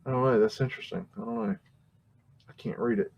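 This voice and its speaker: A man's voice: mid-range voice, huge pitch swings, fast talker, creaky, warm tone, a little hiss or hum. A man hosting a livestream, talking casually through old photographs in a rambling way, with many fillers and restarts and frequent chuckles. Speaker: livestream host.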